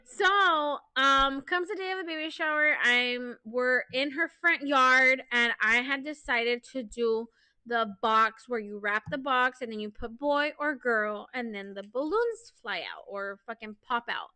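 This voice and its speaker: High bright-voiced woman on a podcast, animated storytelling, swears a lot, dry close sound. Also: measured pace, clear, resonant tone, no echo. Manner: animated, profane, laughing storyteller. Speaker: podcast co-host. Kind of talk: casual chat, storytelling.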